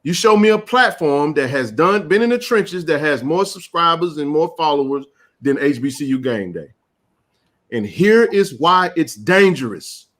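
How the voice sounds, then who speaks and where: A man hosting a live sports chat, ranting with passion and rising to shouts. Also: on the high side, lively intonation, moderate pace. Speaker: sports talk show host.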